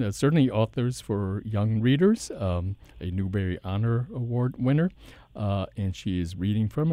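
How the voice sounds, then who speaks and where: A male radio host with a fairly low voice talks in a relaxed, chatty way and laughs often. The sound is dry and close. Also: no room sound. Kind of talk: radio interview.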